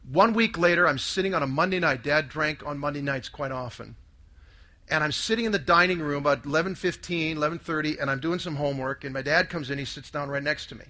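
A man in his sixties gives an emotional testimony to a live audience, with a bright, ringing tone and a fairly high voice. He tells it dramatically, dropping to near-hushed tones before swelling into loud outbursts. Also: fast talker. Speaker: speaker giving a testimony.

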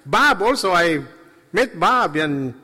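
A man telling casual stories and jokes into a handheld microphone, rambling and halting, laughing at his own anecdotes. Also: high-pitched, sing-song, sharp tone, husky. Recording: long reverb of a large hall.

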